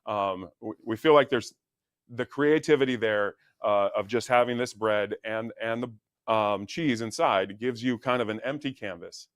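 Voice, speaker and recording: A man appearing as a guest chef on a morning TV cooking segment, easygoing and filling pauses with um. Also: fairly low pitch, no room sound, clean studio sound. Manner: easygoing, hesitant with fillers.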